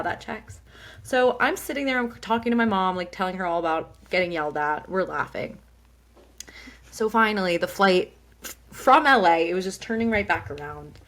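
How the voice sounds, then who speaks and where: A woman's voice: medium pitch, expressive, a little fast, fairly bright tone. A young woman co-hosting a podcast, telling a story animatedly, laughing often and quoting the people in it. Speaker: podcast co-host. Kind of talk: casual storytelling.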